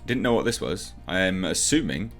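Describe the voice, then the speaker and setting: A man's voice: deep voice, animated, normal speed, fairly bright tone, soft background music. A man reviewing a movie trailer in casual reaction commentary, opinionated and rambling as he thinks aloud with frequent ums.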